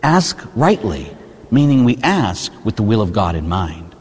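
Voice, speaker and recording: A low, husky-voiced priest delivers a conversational sermon, his pitch swinging widely as he prods the congregation with quick rhetorical questions. The long reverb of a large hall trails after his words. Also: sing-song, darkish tone. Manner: asks the listeners short rhetorical questions, often ending with "huh?"; acts out prayers and people's complaints in changed voices. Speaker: Catholic priest.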